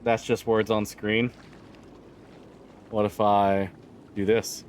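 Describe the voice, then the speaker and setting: A man streaming a roleplay game, chatting casually with viewers, relaxed and joking, swearing freely. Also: fairly low pitch, slow pace, slight background noise. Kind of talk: casual livestream chat.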